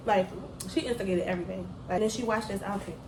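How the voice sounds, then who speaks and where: A woman's voice: mid-range voice, steady tone, fast talker, echoey room, noisy background. A middle-aged woman telling a story from her school days in a casual chat, slangy and laughing often. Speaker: mother telling a story on a daughter's channel.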